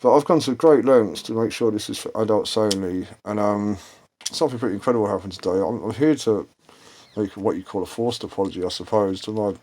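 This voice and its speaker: A man rants to his channel followers. His voice sits on the low side. He swears freely and wanders from thought to thought in a blunt, unfiltered way. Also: fairly quick, a little mellow, slight background noise. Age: 40s. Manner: profane, meandering, blunt. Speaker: channel host. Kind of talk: casual rambling rant.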